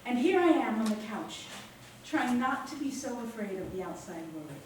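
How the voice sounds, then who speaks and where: A woman's voice: on the high side, sing-song, normal speed, darkish tone. A woman reciting a reflective, confessional spoken-word monologue on a theater stage. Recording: echoey theater from far off, faint hum.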